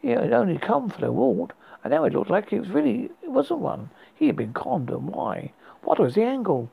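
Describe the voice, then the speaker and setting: A man from the UK hosting a horror podcast, reading a story aloud in an unhurried way and often restarting a word. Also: high-pitched, very animated, gravelly, husky, narrow, tinny audio.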